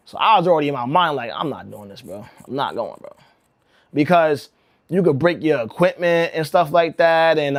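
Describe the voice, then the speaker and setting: A man's voice: fairly high pitch, dry recording, clean studio sound. Slangy young man telling a story on stream. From Connecticut, USA. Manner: slangy and rambling, says bro a lot, restarts often. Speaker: rug-making livestreamer. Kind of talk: casual storytelling on a livestream.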